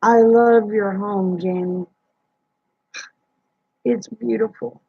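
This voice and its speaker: Woman host with a drawl, husky and gravelly, folksy and teasing, live-stream chat on dull, dry audio. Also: medium pitch, steady tone, takes it slowly, no room sound. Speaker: livestream host. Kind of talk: casual late-night livestream chat with viewers.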